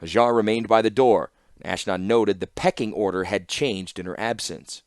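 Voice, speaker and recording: A man narrating an audiobook in an expressive storytelling style. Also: on the low side, normal speed, dry recording, studio quality. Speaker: audiobook reader.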